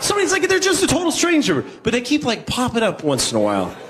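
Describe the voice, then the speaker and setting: A man doing stand-up comedy, deadpan between sudden silly voices. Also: very high-pitched, fast talker. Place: comedy club stage. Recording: noisy club with audience laughter. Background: crowd laughing.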